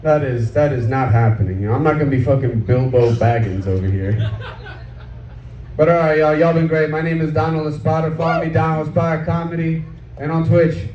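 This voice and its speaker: With a somewhat high voice and a slightly fast pace, a male comedian works an outdoor crowd, trading questions and keeping things chatty and crude. The sound is distant, echoey and dull, with a faint background hum of noise.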